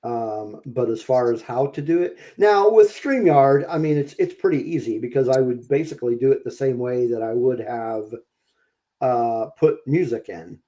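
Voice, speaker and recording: A man's voice: mid-range voice, moderate pace, warm tone. A man co-hosting a live-streamed podcast in casual chat, hesitant, with many ums and restarts. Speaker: podcast co-host.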